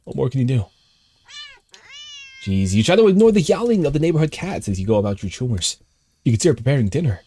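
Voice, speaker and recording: A male streamer reading a text game aloud and reacting live, jumping between calm narration and excited outbursts. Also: mid-range voice, fast talker, long pauses, slightly rough, no room sound.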